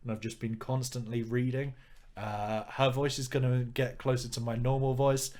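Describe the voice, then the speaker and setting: Gruff young man reading a game aloud. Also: mid-range voice, flat delivery, moderate pace, darkish tone. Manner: playful, self-aware. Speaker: let's play host. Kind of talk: reading a visual novel aloud with commentary.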